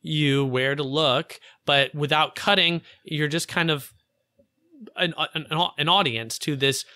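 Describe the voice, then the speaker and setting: A man's voice: fairly high pitch, slow pace, pushed and bright, no echo, clean studio sound. A man co-hosting a podcast, talking about a film in a casual, enthusiastic way with many "like" fillers. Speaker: podcast co-host.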